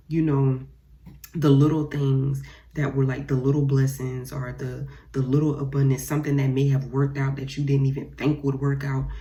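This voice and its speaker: A woman's voice: extremely low pitch, mellow. A young woman giving a casual tarot reading, blunt and profane, repeating phrases and talking straight to her viewers. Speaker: tarot reader.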